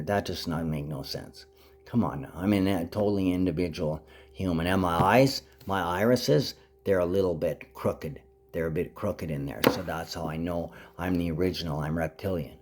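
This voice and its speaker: A man rambling to the camera in a vlog monologue, jumping between topics and speaking to his mother with sudden rises in pitch. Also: moderate pace, darkish tone.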